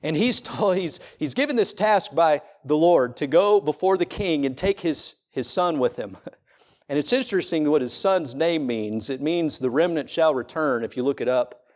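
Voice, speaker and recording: A middle-aged male pastor, his voice a little high with lively intonation and a moderate pace, preaches at a church service, repeating rhetorical questions and shifting between loud, ringing lines and quiet ones.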